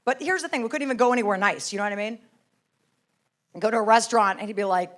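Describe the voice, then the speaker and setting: A woman's voice: a little high, quick pace. A woman stand-up comedian with a brash, profane, chatty delivery.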